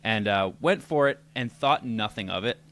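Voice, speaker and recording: A man with a fairly low voice, chatting as a podcast guest. He talks loosely and easily, filling gaps with casual fillers. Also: animated, moderate pace, a bit bright. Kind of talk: casual interview chat.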